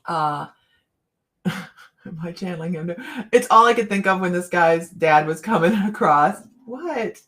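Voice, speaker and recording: A woman's voice: lowish voice, expressive, a little slow, a bit bright. A middle-aged woman reading cards on a casual live chat, rambling and laughing often. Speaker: psychic card reader.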